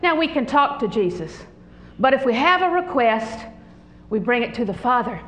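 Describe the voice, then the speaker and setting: Older lady preaching, kinda high voice, lively and jokey, roomy echoey church sound. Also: moderate pace. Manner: animated, humorous storytelling with frequent laughs. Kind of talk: sermon.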